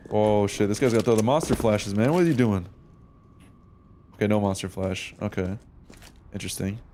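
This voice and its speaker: A man with a low-leaning, darkish voice streams a game and walks through a match replay. His live commentary is casual and slangy, peppered with swearing as he thinks out loud.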